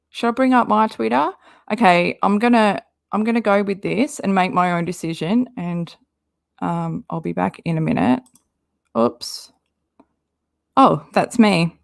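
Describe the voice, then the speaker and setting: A woman's voice: mid-range voice, gravelly, no room sound, clean studio sound. A woman doing casual commentary, reading social media posts aloud with an exasperated, rambling manner and frequent swearing. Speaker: commentary YouTuber.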